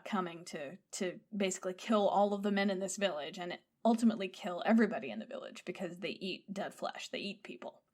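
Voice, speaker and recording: A woman's voice: mid-range voice, darkish tone. A woman chatting casually on a podcast as she retells a film scene by scene. She tells it with animation, drops swear words freely and laughs often, and acts out bits of what the characters say as she goes. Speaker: podcast co-host.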